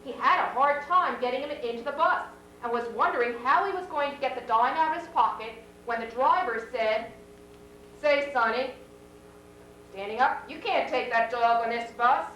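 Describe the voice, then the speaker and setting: A woman teacher reading a children's story aloud to a class, with expressive read-aloud voices for the characters, in a classroom. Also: sits high, normal speed. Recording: echoey classroom from far off, faint hum.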